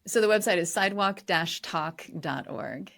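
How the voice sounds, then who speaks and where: A woman's voice: on the low side, moderate pace, fairly bright tone. A woman hosting a podcast, asking short, encouraging follow-up questions and closing the episode. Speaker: podcast host. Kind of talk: podcast interview and outro.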